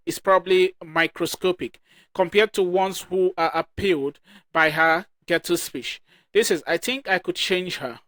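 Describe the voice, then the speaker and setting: A man with a high voice hosts a reaction channel and reads viewer comments aloud one by one. His reading halts and restarts as he goes. The sound is dry and close, with no room echo. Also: fairly bright tone.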